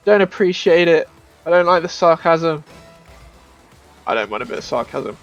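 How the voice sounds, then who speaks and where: A man giving casual gameplay commentary as a streamer, chatty and self-mocking, with bursts of excited shouting. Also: a little high, moderate pace, long pauses, lo-fi sound, soft background music.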